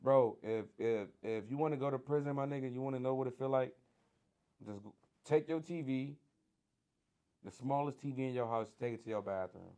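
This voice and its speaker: A man with a Detroit accent telling his story in a casual interview, animated and slangy, acting out the voices of people he quotes. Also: medium pitch, brisk, clean tone. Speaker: guest sharing his prison story.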